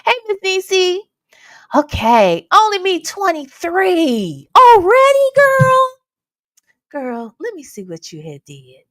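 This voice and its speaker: Sassy high-voiced woman livestreaming. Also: huge pitch swings, unhurried, no echo. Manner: sassy, playful, greeting viewers by name. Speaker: livestream host. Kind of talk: casual livestream chat.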